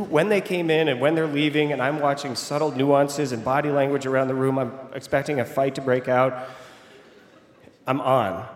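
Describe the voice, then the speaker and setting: A young man telling a personal story live on stage, animated and vivid, building to excited outbursts. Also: mid-range voice. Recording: echoey hall with long reverb.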